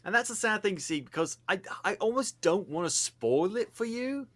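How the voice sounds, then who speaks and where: A man's voice: high voice, animated, moderate pace, a bit bright. A man co-hosting a casual podcast chat, talking in an emphatic, teasing way. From not American. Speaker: podcast co-host.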